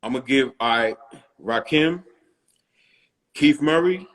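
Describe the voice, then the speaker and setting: A man's voice: mid-range voice, expressive, takes it slowly, fairly bright tone. A middle-aged man from Long Island, a rapper guest, telling loose stories in casual interview chat and often asking "you know what I'm saying". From Long Island, New York.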